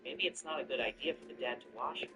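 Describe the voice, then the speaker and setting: A man's voice: medium pitch, fast, natural voice. A man voicing a young new mother, tired but playful and teasing her husband. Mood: tender. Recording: distant mic with background music.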